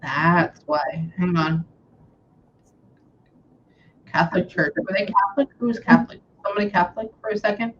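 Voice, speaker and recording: A woman's voice: lowish voice, normal speed, pauses often, dull audio, slight background noise. A woman working as a psychic medium, chatting casually and saying "hang on" often while she passes on messages. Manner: chatty, repeats "hang on", relays quotes. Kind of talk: casual reading session.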